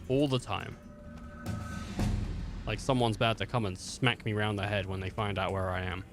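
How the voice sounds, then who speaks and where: A man's voice: mid-range voice, a bit bright. A young man streaming a game, ranting in profane, rambling comic bits and acting out everyday characters. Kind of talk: casual gameplay commentary.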